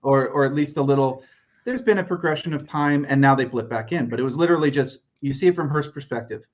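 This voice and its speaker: Brief: steady male podcast co-host, thoughtful recaps, slightly dull recording. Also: medium pitch. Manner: measured, detailed, paraphrasing scenes. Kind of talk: casual podcast chat.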